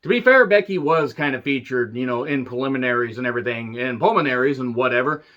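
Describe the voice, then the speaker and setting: A man's voice: mid-range voice, expressive, fast talker, fairly bright tone. A man in his forties giving sarcastic, profane, rambling casual commentary as a wrestling show reviewer, on a dull lo-fi recording. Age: 40s.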